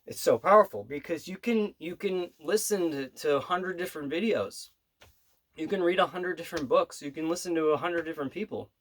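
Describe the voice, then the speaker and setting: A man who plays bass tells a story in a casual vlog from his home studio. He speaks earnestly and rambles, with many asides. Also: a little fast. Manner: rambling and earnest, full of "you know" and "right". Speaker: bass player and manifestation coach.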